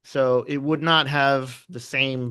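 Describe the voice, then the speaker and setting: A man who trades options, chatting casually and telling animated stories. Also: mid-range voice, slow, clear, resonant tone, dry recording, studio quality. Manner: animated storyteller, laughs often, acts out quotes. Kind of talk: casual trading chat.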